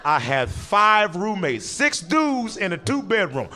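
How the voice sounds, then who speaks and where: A man doing stand-up, telling a long story and acting out the people in it with quick voice changes. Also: sits high, background noise. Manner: animated, acts out characters in quick voices, breaks into laughter. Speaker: stand-up comedian.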